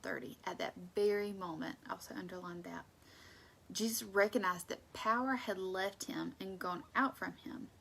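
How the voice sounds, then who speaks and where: A woman leading a casual Bible study, conversational and emphatic, sometimes dropping into soft asides. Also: medium pitch, moderate pace, creaky.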